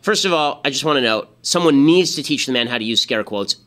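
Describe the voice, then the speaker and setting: A man's voice: medium pitch, expressive, a little fast, pushed and bright. A man in his thirties hosting a political commentary show, talking in a sarcastic, exasperated monologue full of rhetorical questions.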